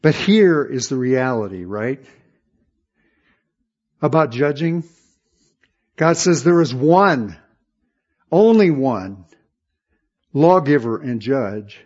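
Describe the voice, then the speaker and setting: A man's voice: mid-range voice, animated, takes it slowly, long pauses, a little mellow, breathy edge, highs cut off. A man preaching a sermon, with emphatic rises and rhetorical questions. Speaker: pastor.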